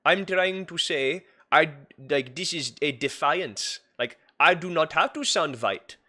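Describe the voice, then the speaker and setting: A man's voice: fairly high pitch, lively intonation, unhurried, sharp tone, pitched above the performer's own voice, full character voice. A man putting on a raised, exaggerated voice while arguing earnestly. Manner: earnest, emphatic, argumentative. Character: man's raised put-on speaking voice, earnest.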